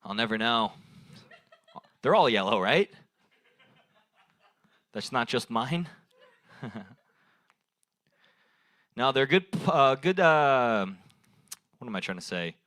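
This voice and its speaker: Animated man riffing through stand-up crowd work. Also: mid-range voice, slow, pauses often, no room sound. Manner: rambling, riffs on audience suggestions, laughs at own jokes. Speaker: stand-up comedian at an open mic. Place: bar stage at an open mic night.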